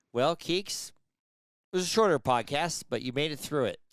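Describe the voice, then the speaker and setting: A man's voice: on the high side, lively intonation, measured pace, a bit bright, clean tone, no room sound, clean studio sound. A man hosting a podcast in casual chat, joking and laughing often. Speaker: podcast host.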